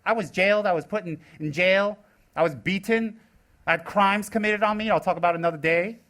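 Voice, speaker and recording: High-voiced teasing man giving a talk. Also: brisk. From United States. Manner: teasing, sarcastic, animated delivery. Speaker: Buddhist teacher. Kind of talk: live dharma talk.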